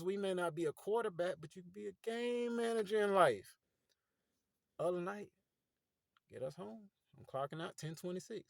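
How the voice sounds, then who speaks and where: A man, talking straight into his phone from a parked car at night, preaching to his viewers like he's talking to friends. His voice sits a touch high for a man, and the sound is close and dry, with no room around it. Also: no echo. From Fort Pierce, Florida. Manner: preachy, conversational, addresses viewers as y'all. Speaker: motivational vlogger. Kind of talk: casual motivational talk.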